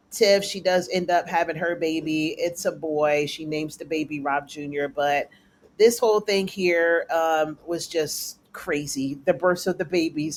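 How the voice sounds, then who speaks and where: Chatty recap host retelling an episode. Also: mid-range voice. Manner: chatty, colloquial, acts out characters' lines in a raised voice. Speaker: TV recap reviewer. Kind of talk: casual spoken episode recap.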